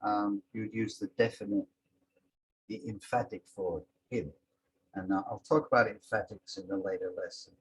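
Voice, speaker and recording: A man teaching a language lesson, explaining words slowly and calling out each one with emphasis. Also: lowish voice, fairly even intonation, slightly rough, low-quality recording. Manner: slow and explanatory, sounding out each word with emphasis.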